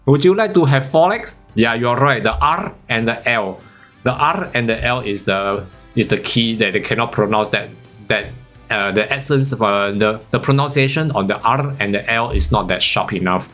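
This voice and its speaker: A man's voice: lowish voice, normal speed, sharp tone, faint music behind. A man with a Singaporean accent hosting a forex live stream, chatting casually and giggling often, with lots of "okay" and "huh". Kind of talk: casual chat during live trading.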